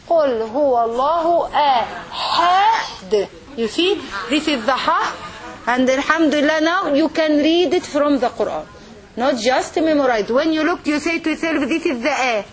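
During a classroom lesson, a female Arabic and Quran teacher with a high-pitched voice keeps repeating herself. She frequently asks "okay?" to check that her students understand.

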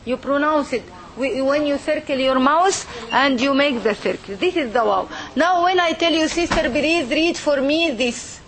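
A woman's voice: high-pitched, moderate pace, a bit bright. A woman teacher leading a classroom lesson, patiently modelling sounds and checking in with "okay?". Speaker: language teacher. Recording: classroom with group of students.

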